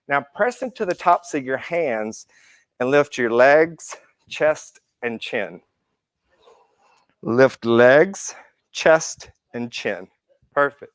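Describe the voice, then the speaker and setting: A man's voice: a little high, expressive, slow pace, dry recording. A man teaching a live yoga class, counting students through poses with encouraging cues and playful asides. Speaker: yoga instructor. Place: indoor yoga class room.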